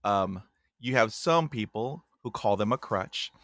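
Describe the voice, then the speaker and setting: A man hosting a podcast interview, telling stories in a lively way with a stutter that repeats sounds and addressing his guest by name. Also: fairly low pitch, measured pace, no room sound. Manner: animated storyteller, often addresses the guest by name. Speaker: podcast host. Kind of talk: casual interview chat.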